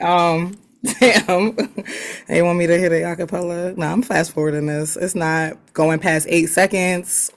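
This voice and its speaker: A woman's voice: lowish voice, normal speed, music in the background. A woman rapping and half-singing a freestyle with chanted call-and-response on a video call, talking in casual slang between verses. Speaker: guest rapper. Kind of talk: freestyle rap over a beat on a livestream.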